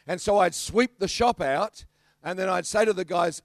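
An Australian man preaching a sermon as pastor, telling stories in an animated, bantering way. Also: high voice, normal speed, dry recording.

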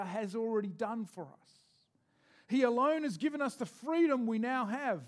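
A man preaching a sermon as pastor, leading the congregation in responses and reading scripture slowly. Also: extremely high pitch, expressive.

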